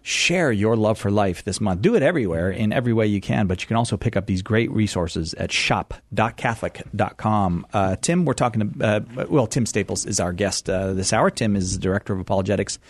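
A male radio show host talking in a relaxed, affable way with lots of fillers. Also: on the low side, brisk, few pauses, dry recording. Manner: affable, easygoing, with many fillers. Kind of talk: casual radio talk.

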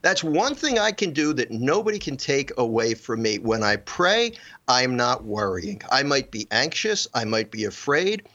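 A man's voice: mid-range voice, sing-song, moderate pace, bright, forceful tone, highs cut off. A man guest on a radio show, an author explaining his ideas earnestly. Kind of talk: radio interview.

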